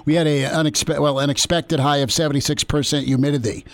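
A male sports radio host with a slightly higher voice, talking in a loose, joking way. He fills his sentences with easy asides and restarts as he steers the conversation. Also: steady tone, fast talker, no echo. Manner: joking, loose, lots of fillers. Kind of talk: casual sports radio talk.

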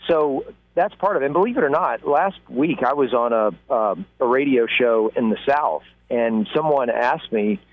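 A male football analyst calling in over a tinny, narrow phone line, speaking at a middle pitch. He works through his points with hesitant restarts and fillers. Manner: thoughtful, halting, many restarts. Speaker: national college football analyst, guest. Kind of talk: phone-in interview.

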